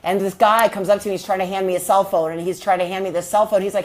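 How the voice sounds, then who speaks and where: An earnest woman speaks straight to her viewers, reflecting on a hard personal experience. She often stops to ask them questions. Her voice sits at an ordinary middle pitch. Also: fairly even intonation, racing. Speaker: trauma healing coach. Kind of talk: personal storytelling vlog.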